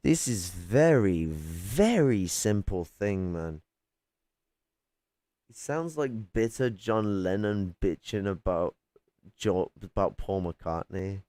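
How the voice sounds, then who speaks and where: A man's voice: low-pitched, lively intonation, takes it slowly, warm tone, no echo. A man in a heated live-stream argument at home, combative and sarcastic, lecturing and swearing casually. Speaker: political streamer debating chat. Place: home at night.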